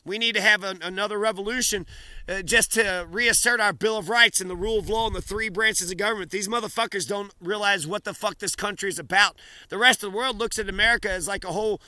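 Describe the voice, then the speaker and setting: Furious man ranting in a sharp high voice. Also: a little fast, smooth, dry recording. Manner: furious, swearing, accusatory. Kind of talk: angry profane rant to camera.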